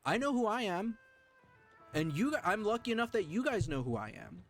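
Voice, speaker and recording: A man streaming live, talking earnestly and emotionally to his chat, with halting restarts. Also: high-pitched, very animated, faint music behind.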